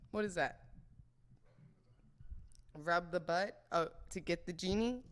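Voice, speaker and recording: A woman hosting a podcast, talking about sex with brash, crude jokes and an unfiltered manner. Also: lowish voice. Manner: brash, crude, jokey, mimics voices in quotes. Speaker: podcast host. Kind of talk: unfiltered comedic sex talk.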